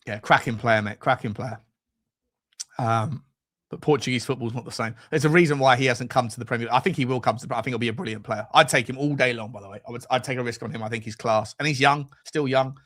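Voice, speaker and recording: A man's voice: medium pitch, fast, a bit bright. A man hosting a fan live stream, reading out super chats in a rambling, sweary way that keeps going off on tangents. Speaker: fan channel host.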